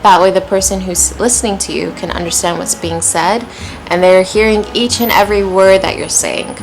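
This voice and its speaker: A woman with an American accent teaching an English pronunciation lesson, modeling phrases clearly and encouragingly. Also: mid-range voice, steady tone, normal speed, background noise. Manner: clear, encouraging, demonstrative delivery.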